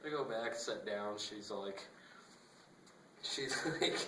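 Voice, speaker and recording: A man's voice: lowish voice, slow, long pauses, fairly bright tone, a little hiss or hum. A young man casually telling a rambling story, acting out the dialogue and laughing often, recorded on a phone. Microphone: phone camera. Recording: echoey phone recording from a distance.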